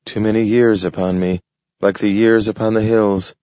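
A man voicing an aging, shrewd male dog with a gruff manner that turns quiet and stern. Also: fairly low pitch, level tone, moderate pace, dry recording, highs cut off, close to an everyday voice. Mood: grumbling.

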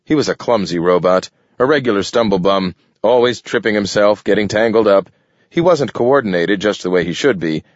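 Scrappy raccoon, voiced by a man, quick and prickly, dry slightly dull storybook recording. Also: fairly low pitch, no echo, lightly acted. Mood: indignant. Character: scrappy male raccoon, indignant and chatty.

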